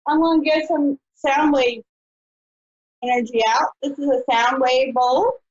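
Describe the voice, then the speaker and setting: Woman psychic host, high and chatty, muffled live-stream sound. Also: steady tone, a little slow. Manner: chatty, folksy, says honey and y'all. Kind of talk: live-stream call-in show.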